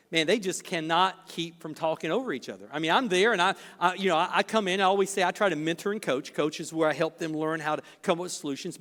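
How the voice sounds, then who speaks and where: A man's voice: fairly high pitch, a bit bright. A middle-aged man, a pastor preaching a sermon, telling stories with self-deprecating humor and acting out dialogue. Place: church sanctuary. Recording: reverberant church hall.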